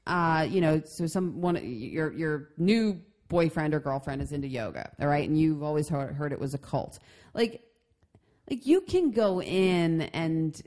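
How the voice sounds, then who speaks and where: Low-voiced woman giving life advice. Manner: animated, many restarts and fillers. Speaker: podcast co-host. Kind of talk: casual advice chat.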